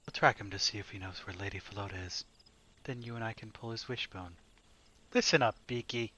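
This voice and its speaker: A man's voice: fairly low pitch, fairly quick, bright, forceful tone, slight background noise. A man voicing a ruthless, battle-hardened female cat mercenary who talks in threats. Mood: scheming. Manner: threatening, menacing.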